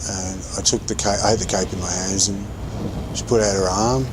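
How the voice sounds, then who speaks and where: A man's voice: low-pitched, steady tone, fairly quick, background noise. A man casually telling a rambling anecdote while playing a game, often correcting himself as he goes. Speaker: streamer telling stories while gaming.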